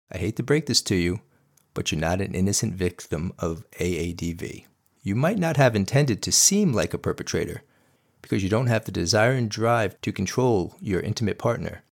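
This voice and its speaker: A middle-aged man hosts his podcast in a scripted monologue. He talks bluntly and with emphasis, swearing now and then, his voice sitting somewhat low for a man. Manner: blunt and emphatic, with crude language. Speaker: podcast host.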